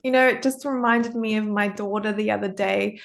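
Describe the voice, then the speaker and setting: A woman's voice: medium pitch, fairly even intonation, normal speed, gravelly. A woman hosting a casual podcast interview, responding with encouragement and enthusiasm. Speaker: podcast host.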